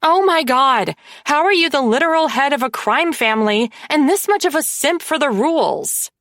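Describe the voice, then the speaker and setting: A woman's voice: on the high side, sing-song, unhurried, a bit bright, no room sound, studio quality, pitched above the performer's own voice, exaggerated voice. A woman voicing a bratty, sarcastic twenty-year-old mafia sister who mocks and gushes in a fake sweet tone. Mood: snarky. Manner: snarky, mocking, gushing.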